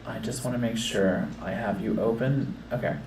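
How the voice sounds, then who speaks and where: A man hosting a casual livestream, talking a guest through a setup in quick, instructing bursts. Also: medium pitch, fairly even intonation, a little mellow, a little hiss or hum. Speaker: livestream host. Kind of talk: casual behind-the-scenes setup chat. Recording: roomy distant mic with faint ambience.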